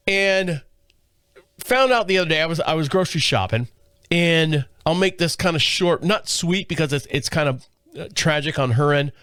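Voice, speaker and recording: A man's voice: fairly high pitch, moderate pace, fairly bright tone, clean tone, no echo, clean studio sound. A man hosting a podcast, telling a long story in a casual, rambling way with frequent restarts. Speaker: podcast host.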